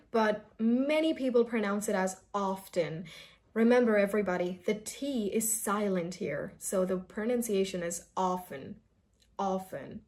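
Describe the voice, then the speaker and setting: A woman's voice: medium pitch, darkish tone. Woman teaching English pronunciation. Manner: coaching, repeats words slowly for learners to echo. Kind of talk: online pronunciation lesson.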